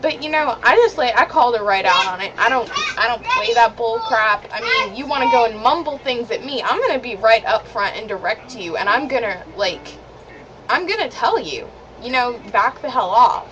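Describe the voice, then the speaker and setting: A woman's voice: fairly high pitch, very animated, normal speed. A teenage girl telling a story to the camera in a casual vlog, chatty and indignant, with lots of "like" fillers. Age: teens. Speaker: vlogger. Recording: dull lo-fi webcam audio with clear background hiss.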